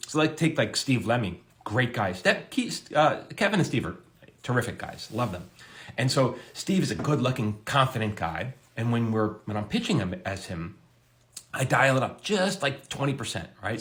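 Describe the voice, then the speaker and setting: Middle-aged tv writer guy answering a question, chatty, voice jumps up when he stresses stuff. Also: a little fast. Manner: lively, swings pitch up for emphasis. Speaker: TV comedy writer giving advice. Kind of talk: casual advice talk, answering a viewer question.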